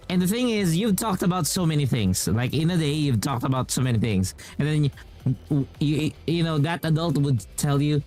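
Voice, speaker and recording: Over soft background music, a streamer talks through a gaming session in a rambling way, voicing quotes from others as little performances. The voice is medium-pitched, animated and somewhat dark, moving at a normal speed.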